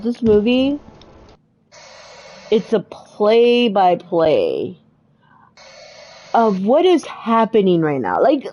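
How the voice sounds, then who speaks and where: Lively, animated woman chatting. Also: medium pitch, highs cut off. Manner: animated, retells scenes with exclamations and filler words. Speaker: podcast co-host. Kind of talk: casual chat.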